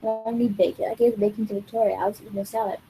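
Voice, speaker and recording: A woman's voice: mid-range voice, little pitch movement, rapid-fire, warm tone, faint music behind, poor audio. A woman vlogger telling a rambling, exasperated story in casual talk, full of swearing and "like". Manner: rambling and profane, heavy use of "like".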